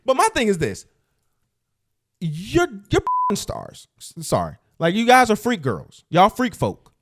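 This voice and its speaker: A man hosting a casual gossip podcast, talking with lively pitch that leans a bit high. He tells stories in a slangy, rambling way and laughs often. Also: a little slow, very noisy. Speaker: podcast co-host.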